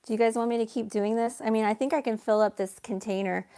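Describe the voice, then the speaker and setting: Woman, livestream host; soft-spoken, chatty, a touch high-pitched. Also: steady tone, fast talker, clear, resonant tone. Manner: soft-spoken, chatty, baby-talks to her cat. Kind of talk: casual livestream chat, reading comments.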